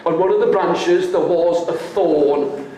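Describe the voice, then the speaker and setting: A storyteller man from the United Kingdom, telling a folk tale live to young listeners with theatrical, drawn-out delivery and calls to join in. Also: sits high, dark tone. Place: large hall before an audience. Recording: echoey hall with faint noise.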